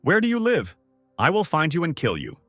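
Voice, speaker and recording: A man voicing a furious young male gamer who shouts threats in a raised voice. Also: a little high, wildly swooping pitch, a little fast, no room sound, soft background music, voice pushed up, exaggerated voice. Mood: enraged. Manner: shouting in rage.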